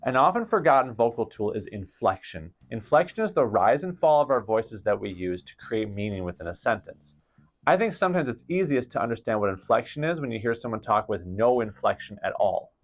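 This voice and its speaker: This theater camp lesson is led by a very animated man whose voice sits in the mid-range; he reads scripted narration on acting technique, clear and deliberate throughout.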